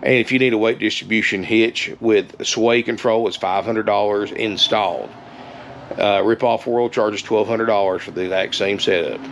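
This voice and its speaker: A man giving a casual, folksy sales pitch for an RV, repeating himself and calling viewers "guys". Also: normal speed, slight background noise. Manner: folksy, repetitive, keeps saying "guys".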